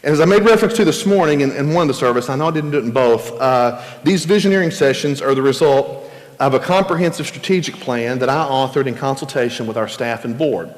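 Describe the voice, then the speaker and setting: A man's voice: medium pitch, fast talker, big-room sound. A man, a pastor, talking earnestly and conversationally to his congregation, often restarting his words. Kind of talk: church teaching session. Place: church sanctuary.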